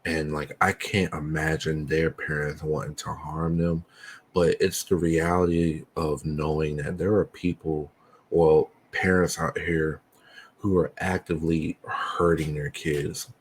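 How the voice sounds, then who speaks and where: A man hosting a reaction video, talking softly and hesitantly with many fillers. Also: a bass voice, level tone, a little slow, slight background noise. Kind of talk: casual reaction commentary.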